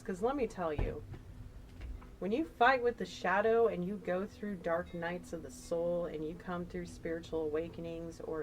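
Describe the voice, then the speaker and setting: Chatty woman reading tarot, low voice. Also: background noise. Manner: emotional, rambling, chatty. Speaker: tarot reader.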